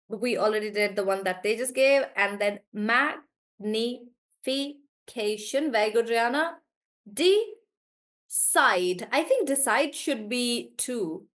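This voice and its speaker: Slow, careful South Indian woman teacher. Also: fairly high pitch, lively intonation. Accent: South Indian English. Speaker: online English pronunciation teacher. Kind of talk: live online class, breaking words into syllables.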